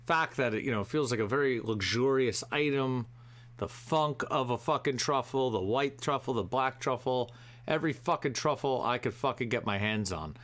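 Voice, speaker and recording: A man hosting a live show, ranting profanely and swinging between shouting and muttering to himself. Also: medium pitch. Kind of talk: profane comedic rant.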